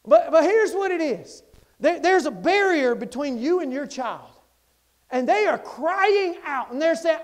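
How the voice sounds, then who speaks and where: A male pastor preaching a sermon in a folksy, animated way, swinging from loud to hushed. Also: very high-pitched, measured pace.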